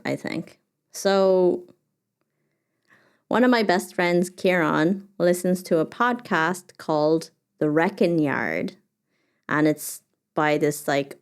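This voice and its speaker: Low-voiced woman musing on her podcast. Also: clean tone. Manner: thinks aloud with many fillers and restarts. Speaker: podcast host. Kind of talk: reflective solo podcast monologue.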